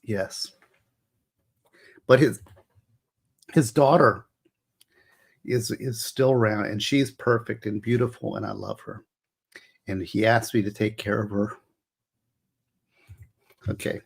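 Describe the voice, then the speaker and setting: A man's voice: lowish voice, fairly even intonation, takes it slowly, vocal fry, long pauses, slightly rough. A middle-aged man hosting a casual livestream, rambling and emotional as he explains law. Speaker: livestream host.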